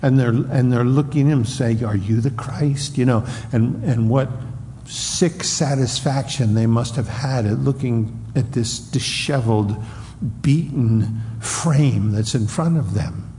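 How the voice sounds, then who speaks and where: A man preaching a sermon in an earnest way, sometimes acting out loud taunts from a crowd. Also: mid-range voice, unhurried, slight background noise. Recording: reverberant hall with faint ambience.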